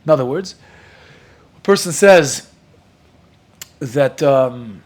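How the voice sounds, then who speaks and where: A man whose first language is Yiddish, teaching a Talmud class in a lively, joking way. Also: mid-range voice, slow pace. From Williamsburg, Brooklyn. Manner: lively, joking, mixes Hebrew and Yiddish terms into English.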